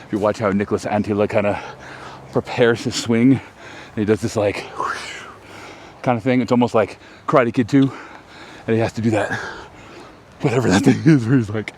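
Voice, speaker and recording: A man's voice: fairly low pitch, steady tone, normal speed, pauses often, darkish tone, slight background noise. A man hosting a casual vlog outdoors, chatty and self-deprecating as he rambles about his throws. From Texas, US. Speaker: host. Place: outdoors on a disc golf course.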